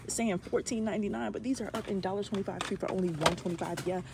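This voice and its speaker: A woman couponing vlogger, bubbly and fast-talking, pitching an app and then browsing store shelves. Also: vocal fry, very noisy. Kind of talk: excited sponsor pitch and store vlog. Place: gas station, then inside a discount store.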